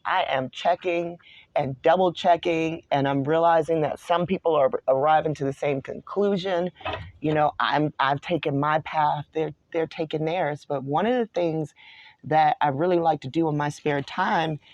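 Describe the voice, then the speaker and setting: Heard through lo-fi, dry audio, a New York online show host in their forties speaks at a moderate pace in a mid-range voice. The solo scripture study talk is rambling and digressive, full of self-corrections along the way.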